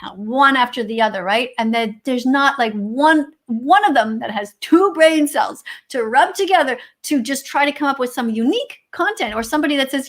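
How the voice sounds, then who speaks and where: A woman's voice: sits high, lively intonation, normal speed, few pauses. A Canadian woman co-hosting a livestream over a video call, reading out chat comments and answering them sarcastically, with some swearing. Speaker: livestream co-host.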